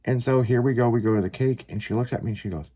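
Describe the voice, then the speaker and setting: A man's voice: medium pitch, quick pace, warm tone. A man casually telling a long personal story, rambling with lots of fillers and some swearing. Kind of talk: casual chat, personal anecdote.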